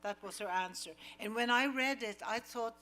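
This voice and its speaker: An actress answering an audience question at a film screening. She tells her story in a measured way and acts out the lines she quotes. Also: a little high, pushed and bright. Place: cinema auditorium.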